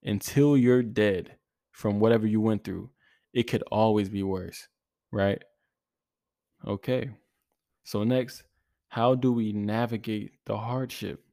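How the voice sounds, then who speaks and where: A young man in his twenties speaks in a low, even voice with little rise and fall. He talks earnestly and casually, with slang, repeated phrases and false starts. The sound is dry and close, with no room echo. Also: takes it slowly, gravelly, pauses often. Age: 20s. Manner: earnest, repetitive, slangy, many restarts. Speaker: podcast host. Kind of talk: casual motivational monologue.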